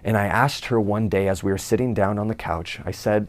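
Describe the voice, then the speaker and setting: A man's voice: fairly low pitch, a little fast. A young man giving an earnest personal testimony, telling his story and acting out his own inner thoughts.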